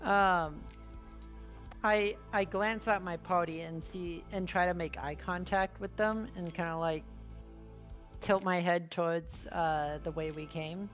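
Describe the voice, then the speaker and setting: A woman playing a tabletop game talks earnestly and with some animation, at a lowish pitch. Her mic sounds dull and lo-fi, with faint music under it. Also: fairly even intonation, unhurried. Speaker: player. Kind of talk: tabletop role-play.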